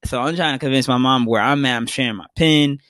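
A man's voice: medium pitch, fast talker, a bit bright, no room sound. A young man, telling a story in casual podcast chat. He swears a lot and acts out his own past remarks. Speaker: podcast co-host.

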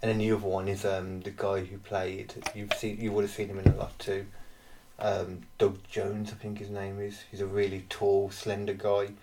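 A man co-hosting a casual podcast, rambling with pauses and restarts. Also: lowish voice, monotone, dark tone, recorded from a distance, slight background noise. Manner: rambling, many fillers and restarts. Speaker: podcast co-host. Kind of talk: casual chat.

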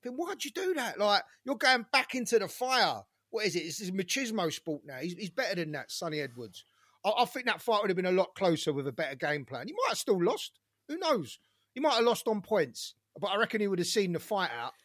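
Brief: male podcast co-host, fairly high voice, dry close sound, animated and profane. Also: a little fast, dry recording. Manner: animated, swearing, shouts when reenacting. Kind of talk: casual chat.

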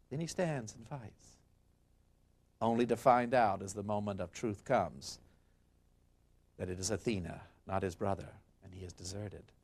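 A man giving a history lecture, retelling an ancient tale dramatically and acting out the quotes. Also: lowish voice. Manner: dramatic and expressive, acts out quotes. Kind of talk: storytelling lecture.

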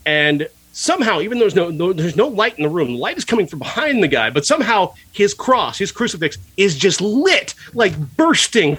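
Male podcast co-host, husky, a touch high, animated profane film rant. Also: normal speed, hardly any pauses, no echo. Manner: animated, profane, mocking, laughs often. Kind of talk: casual film review chat.

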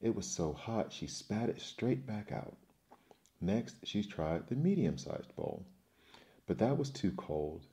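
A man narrating a children's fairy tale in an expressive, measured storytelling manner. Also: lowish voice.

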